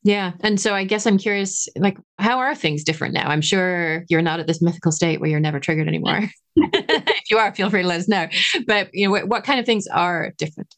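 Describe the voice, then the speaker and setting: A woman's voice: fairly low pitch, brisk. A woman, a parenting coach hosting a podcast, asking curious, steering questions in casual conversation. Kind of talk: conversational interview.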